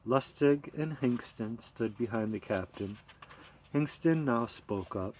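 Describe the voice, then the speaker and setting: A man narrates a short story as an audiobook. His reading stays calm and measured, at a middle pitch. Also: a little hiss or hum, low-quality recording.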